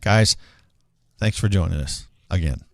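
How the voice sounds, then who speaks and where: Man, low voice, dry close sound, rambling casual host. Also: unhurried, creaky, dry recording. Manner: rambling, self-deprecating. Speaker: show host. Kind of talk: casual live show chat.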